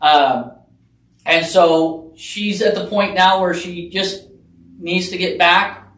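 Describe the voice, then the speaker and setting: A person on a radio talk show, earnestly promoting a charity event in a casual way. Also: female voice, fairly even intonation, fairly bright tone. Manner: earnest, rapid promotional pitch. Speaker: event organizer guest. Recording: roomy, distant mic.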